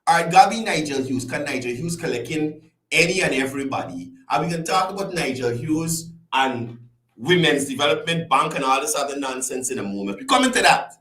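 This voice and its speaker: His voice is slightly high and brisk, with reverb in the room. As the chatty host of a casual call-in commentary show, he says hello to viewers by name, his delivery lively and full of rises and falls.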